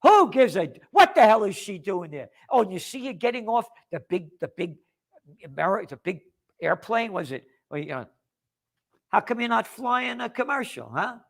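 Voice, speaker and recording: A man's voice: high voice, very animated, normal speed, vocal fry. An American man hosting a video commentary, ranting angrily with sarcastic, profane asides. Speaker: host and commentator.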